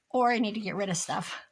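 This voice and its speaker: A woman's voice: medium pitch, vocal fry, a little hiss or hum, low-quality recording. Rambling chatty Midwestern woman crafting. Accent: American Midwest. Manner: rambling, chatty, laughs often. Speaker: crafting vlogger. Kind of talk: casual chat while crafting. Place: craft room at home.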